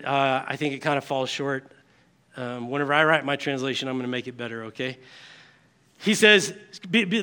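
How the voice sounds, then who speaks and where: A man preaching with a high, bright, forceful voice. He tells the story in an animated way, acting out the scenes and moving between loud outbursts and hushed remarks. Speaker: pastor. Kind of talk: sermon.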